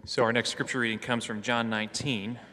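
A man reading scripture and preaching a sermon in a church, with a measured, earnest delivery. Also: medium pitch, flat delivery, pushed and bright, a little hiss or hum. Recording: hall reverb.

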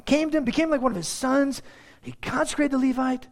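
A man preaching a verse-by-verse sermon with sarcastic asides and rhetorical questions, swinging between loud exclaims and hushed asides. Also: extremely high pitch, fast, gravelly. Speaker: pastor. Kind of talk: expository sermon.

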